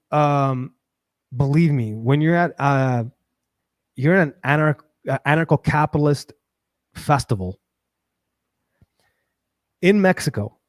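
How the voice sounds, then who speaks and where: A man hosting a show, talking in a casual, rambling personal monologue with frequent restarts and animated bursts. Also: on the high side, dry recording, clean studio sound. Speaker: show host.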